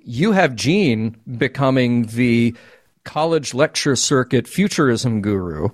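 A man's voice: medium pitch, animated, slow, no room sound. Talkative male podcast host, dry mic. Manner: rambling, repeats words when thinking. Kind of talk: casual live-stream chat.

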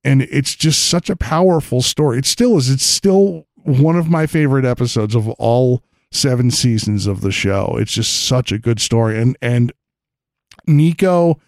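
A man's voice: medium pitch, animated, moderate pace, a little mellow, dry recording. A man, the show's creator and former host, chatting enthusiastically in a casual studio conversation. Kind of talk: casual chat. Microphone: studio mic.

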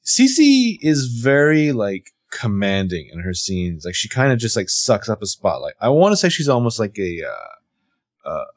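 A man with a mid-pitched, very lively voice swings up and down as he recaps a TV episode, searching for words with plenty of fillers. The sound is dry and close-miked. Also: unhurried, no room sound. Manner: animated, hesitant, many fillers. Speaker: podcast co-host. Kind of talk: casual TV episode recap chat.

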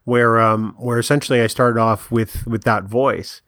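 A man's voice: mid-range voice, steady tone, moderate pace, a bit bright, no echo. A man co-hosting a podcast in casual chat, with dry, teasing banter. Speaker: podcast co-host.

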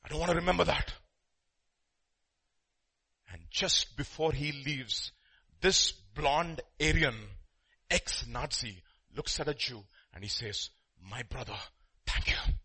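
A man preaching a sermon, telling a story with sudden loud, emphatic bursts. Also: a little high, slow pace, pauses often, breathy edge.

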